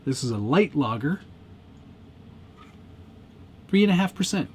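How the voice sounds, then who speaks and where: A man's voice: a little high, sing-song, a little mellow, a little hiss or hum. A man co-hosting a casual live stream, teasing his co-host and laughing often. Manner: joking, teasing, quick to laugh.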